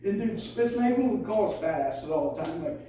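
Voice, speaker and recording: A man's voice: on the high side, lively intonation, a little fast, dark tone, a little hiss or hum. A young man co-hosting a podcast, telling rambling, profane stories in casual chat. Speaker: podcast co-host. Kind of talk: casual drinking chat, storytelling. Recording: echoey room, mic at a distance.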